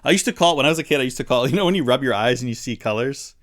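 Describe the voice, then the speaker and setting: A man's voice: medium pitch, expressive, very fast, a bit bright. A man hosting a casual live-streamed talk show, playful and jokey, laughing often between lines. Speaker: podcast host.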